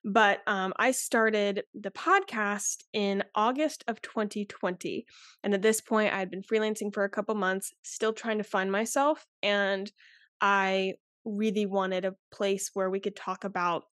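A young woman in her twenties talks as a podcast guest in a loose, candid, rambling way, circling back and restarting her sentences. Her voice sits at a middle pitch. The sound is dry and close, with no room echo. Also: steady tone, a little slow, fairly bright tone. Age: 20s. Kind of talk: casual interview chat.

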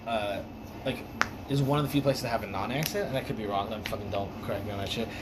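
A man from Alaska chats loosely on a podcast, trailing off into fillers and dropping curses as he goes. There's a clear hiss of noise under the recording. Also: on the low side, fast. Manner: rambling, profane, many fillers and restarts. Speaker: podcast co-host. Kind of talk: casual podcast chat.

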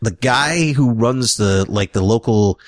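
A man's voice: mid-range voice, a little slow, no room sound, studio quality. A man co-hosting a podcast, casually retelling a movie plot with rambling, profane asides. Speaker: podcast co-host. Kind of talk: casual film recap chat.

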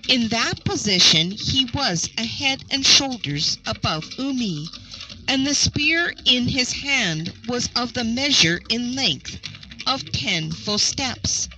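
A woman narrating a folk tale in a measured, expressive storybook reading. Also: fairly high pitch, low-quality recording.

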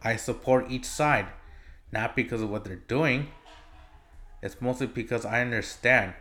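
A man's voice: medium pitch, unhurried, sharp tone. A man hosting a solo podcast, ranting in a casual, exasperated way, swearing often and rambling with fillers and restarts. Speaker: podcast host.

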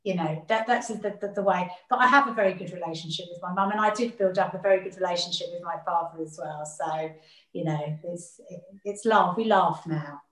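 A woman with a fairly quick, lowish voice sits as an interview guest, earnestly considering her family. Words get repeated as she works out what to say, in a recording with a roomy echo.

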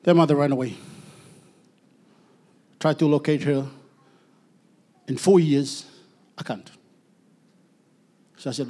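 Husky, earnest preacher man, halting. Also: on the high side. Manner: earnest, halting, with repeated restarts and soft trailing phrases. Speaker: preacher giving testimony. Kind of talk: personal testimony sermon.

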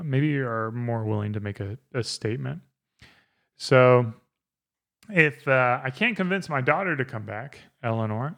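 This is a man in his thirties hosting a relaxed podcast in casual chat. His voice sits at an ordinary middle pitch. He rambles through his thoughts with plenty of fillers and laughs easily. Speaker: podcast host.

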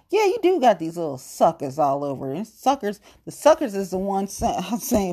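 Furious, lively woman ranting. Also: on the low side, normal speed, hardly any pauses. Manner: heated, blunt, cursing, scolding. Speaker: commentator. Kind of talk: angry profane rant to camera.

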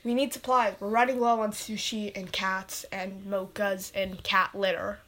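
A woman narrating pretend play in a playful way, brushing things off with quick dismissive asides. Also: medium pitch, level tone, a bit bright.

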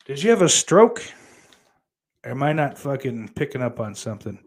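A man's voice: mid-range voice, very animated, normal speed. Profane, rambling male streamer. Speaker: streamer reading chat. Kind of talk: casual live-stream chat.

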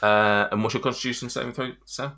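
A man's voice: medium pitch, fairly even intonation, fast talker, sharp tone. A man running a tabletop game as game master, describing scenes with many ums and restarts. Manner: rambling, hesitant descriptions full of ums.

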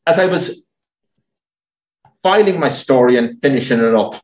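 A man's voice: medium pitch, expressive, normal speed. A man with an Irish accent, a journalist answering audience questions in a chatty, anecdotal way with many fillers. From Ireland. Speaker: journalist and speaker. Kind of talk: audience Q&A at a talk. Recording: roomy echo.

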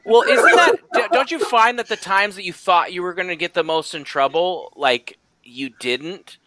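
A man chats on a podcast with a bright, bouncy voice that swoops up and down, rambling and restarting his sentences. He teases in a playful mock-expert tone, recorded close and dry. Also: high-pitched, lively intonation, moderate pace, no echo. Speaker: podcast panelist. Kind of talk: casual podcast chat.

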